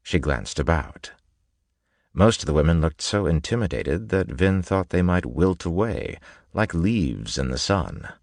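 Deep-voiced man narrating an audiobook. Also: animated, measured pace, no room sound, studio quality.

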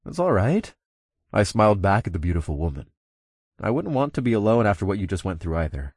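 A man's voice: deep voice, animated, fast, a little mellow, slightly rough, no echo, clean studio sound. A young man narrating a first-person audiobook in an easygoing, lightly amused way, also speaking the narrator's own lines.

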